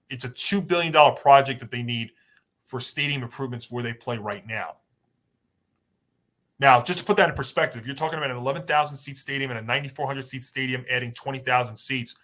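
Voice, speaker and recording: A man's voice: medium pitch, a bit bright. A man co-hosting a sports podcast, chatty and rambling through his points. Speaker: podcast co-host. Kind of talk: casual sports talk.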